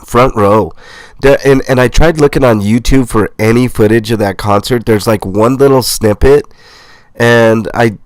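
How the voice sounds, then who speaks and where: A middle-aged man with a stuffy, nasal voice from a cold, casually reading viewer comments aloud as a livestream host, relaxed and rambling. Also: medium pitch, normal speed, dry recording. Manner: relaxed, rambling, with fillers and laughs. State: sick, congested nasal voice.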